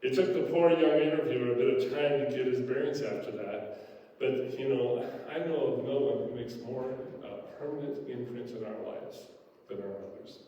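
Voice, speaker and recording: A man's voice: mid-range voice, normal speed, mellow, lo-fi sound. An older male pastor preaching a sermon in a folksy, anecdotal storytelling manner with frequent filler words. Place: church sanctuary. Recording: echoey church hall, distant mic.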